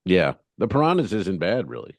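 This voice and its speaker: Low-voiced man in comedy banter. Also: moderate pace, no room sound. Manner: animated, acts out quoted voices in bits. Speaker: comedian podcast co-host. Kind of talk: casual banter.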